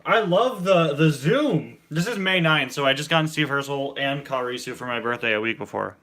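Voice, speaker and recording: Bright-voiced, enthusiastic young man. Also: a little high, lively intonation, moderate pace. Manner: enthusiastic, laughs often. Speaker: host. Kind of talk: casual chat.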